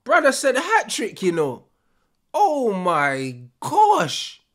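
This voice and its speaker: Young streamer, relaxed delivery with animated pitch; loud slangy banter. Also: male voice, drawn-out words. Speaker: streamer reacting to football. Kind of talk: live reaction commentary.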